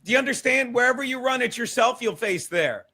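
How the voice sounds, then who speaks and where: A man's voice: very high voice, animated, a little fast, bright, forceful tone. A man in a ranting clip, scolding and sneering in a combative way. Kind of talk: ranting clip played on a podcast.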